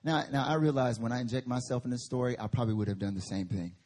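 At a church service, a guest preacher tells Bible stories in an animated way, peppering his sermon with slang and humor. His voice is mid-range and his pace quick.

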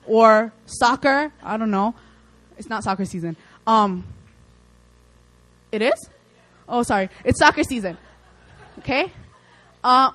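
A young woman preaching a casual, lively sermon, with chatty asides and playful acted quotes. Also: a little high, low-quality recording.

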